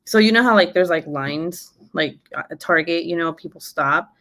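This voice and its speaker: A woman's voice: fairly low pitch, moderate pace, fairly bright tone. A young adult woman telling a story on a casual live stream, blunt and profane, breaking into laughter often. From Mexican heritage. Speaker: vlogger.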